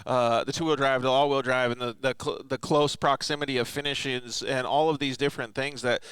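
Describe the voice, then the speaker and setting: A man's voice: medium pitch, steady tone, a little fast, a bit bright, smooth, no room sound, poor audio. Easygoing male host, mid-range voice, casual slang, dry studio sound. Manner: easygoing, jokey, says dude and like. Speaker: podcast host. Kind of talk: casual podcast chat.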